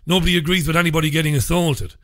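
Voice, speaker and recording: Bright-voiced radio host. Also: male voice, fairly high pitch, steady tone, rapid-fire, no echo. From England. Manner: opinionated, conversational, emphatic. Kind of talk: talk radio monologue. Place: radio studio. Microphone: studio microphone.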